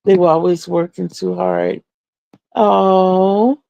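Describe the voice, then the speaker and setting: A woman's voice: on the low side, steady tone, slow pace, creaky, mellow, no echo. A middle-aged woman hosting a crochet livestream, telling stories in a chatty way and answering viewers' comments.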